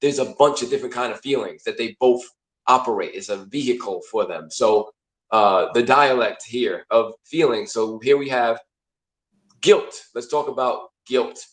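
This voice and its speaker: A man hosting a loose, conversational talk at a mid pitch, explaining ideas and slipping into little acted-out inner voices. His voice echoes around the room he records in. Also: normal speed. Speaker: host. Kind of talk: casual talk on emotions.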